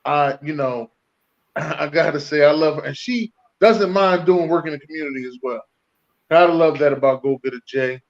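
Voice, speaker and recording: A man's voice: fairly high pitch, moderate pace, highs cut off. Laid-back male podcast co-host. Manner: laid-back, easygoing, repeats phrases. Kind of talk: casual chat.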